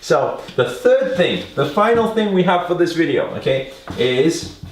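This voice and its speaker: A man's voice: fairly high pitch, sing-song, a little slow, echoey room, a little hiss or hum. A man teaching public speaking to the camera, coaxing his viewers with rhetorical questions and a frequent "right?".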